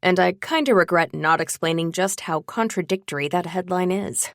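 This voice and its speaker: A woman doing a sarcastic, playful young guy, louder and brighter. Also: fairly low pitch, normal speed, dry recording, studio quality. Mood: indignant. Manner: teasing, dramatic, sarcastic. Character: sarcastic, playful young male best friend.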